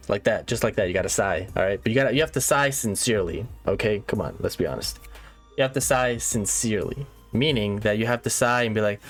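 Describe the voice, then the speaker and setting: A man hosting a satirical tutorial monologue, mock-serious and lively, checking in with "all right?" again and again. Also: medium pitch, normal speed, soft background music. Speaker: comedic YouTuber host.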